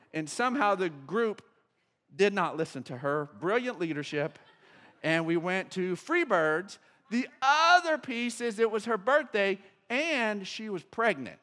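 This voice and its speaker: A middle-aged male pastor with a fairly high voice preaches a sermon. He tells a story that jumps from loud, excited bursts to quiet, low asides.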